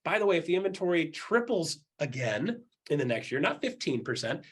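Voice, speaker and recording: This high-pitched, slightly rough male voice belongs to someone coaching real estate agents. His style is blunt and jokey; he performs the voices he quotes with lots of animation and keeps circling back to repeat himself.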